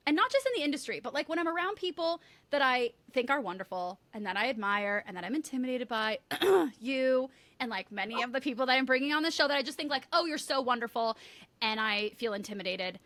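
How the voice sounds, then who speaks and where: A woman's voice: sits high, a bit bright, no room sound. A woman hosting a podcast, chatting candidly and swearing freely. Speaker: podcast host. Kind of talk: casual chat.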